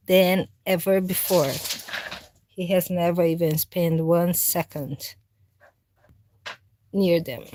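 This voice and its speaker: A woman vlogging casually about her cats, coaxing them with meows and baby talk between relaxed explanations. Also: lowish voice. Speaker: cat owner and vlogger. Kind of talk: casual vlog narration.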